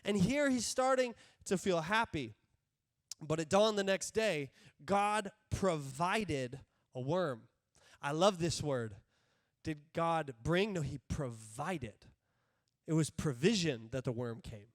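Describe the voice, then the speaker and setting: High-pitched guy preaching a sermon, acts out the characters, dry close mic. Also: slow pace, no room sound. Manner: animated, acts out biblical characters' voices. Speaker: pastor. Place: church sanctuary.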